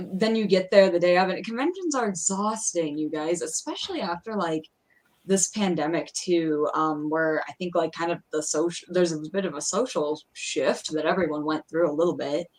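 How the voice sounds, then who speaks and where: A woman co-hosting a casual livestream, rambling with lots of fillers, quick to apologize and giggle. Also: fairly low pitch, animated. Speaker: podcast co-host.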